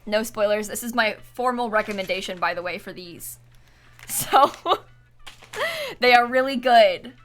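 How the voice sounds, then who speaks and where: A woman's voice: medium pitch, unhurried, fairly bright tone. A young woman streaming a game, chatting casually, giggling often and pleading with the game. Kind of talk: casual live-stream chat while gaming.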